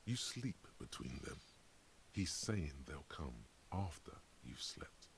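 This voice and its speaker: A man voicing a wry, ominous male game narrator in a slow, theatrical, gravelly delivery. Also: extremely low pitch, big pitch swings, a little hiss or hum, exaggerated voice. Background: game music.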